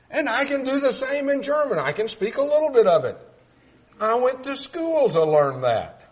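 An older man from South Texas preaching a sermon, folksy and emphatic, mixing Bible argument with family stories. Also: sits high.

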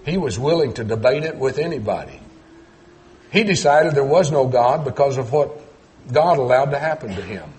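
A middle-aged man preaching a sermon, telling folksy stories and swinging between loud emphatic points and quiet low asides. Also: lively intonation, normal speed. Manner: storytelling with folksy humor.

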